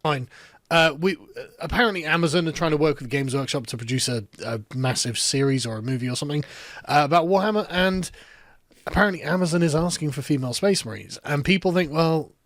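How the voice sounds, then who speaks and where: Brief: a man commentating in an online video, a bit high-pitched, dismissive, dry close sound. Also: fast talker, a bit bright, no echo.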